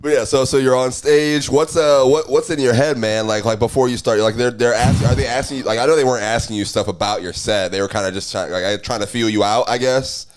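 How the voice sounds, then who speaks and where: A man's voice: medium pitch, fairly even intonation, a little fast, few pauses. A man hosting a podcast in casual chat, laid-back and slangy, laughing often. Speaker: podcast host.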